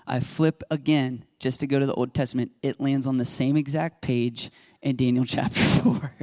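A man's voice: mid-range voice, steady tone, normal speed, a little mellow, no echo. A man, preaching a conversational sermon as a pastor and telling stories with chatty asides to the congregation.

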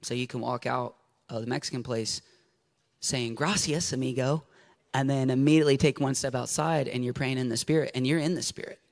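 A man preaching a sermon, building to shouted passion and then easing into quiet storytelling. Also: mid-range voice, fairly even intonation, fairly quick, gravelly.

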